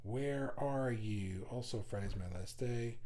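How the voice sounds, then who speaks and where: A man's voice: medium pitch, unhurried, dark tone. A middle-aged man with a New York accent, hosting a casual live chat, reading viewer comments aloud, laughing often and stumbling over his words.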